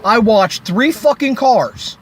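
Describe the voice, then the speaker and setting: Man, high voice, angry vlog rant, heavy swearing, sarcastic, phone mic. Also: animated, slow pace, a little hiss or hum. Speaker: vlogger. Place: recorded while by a road.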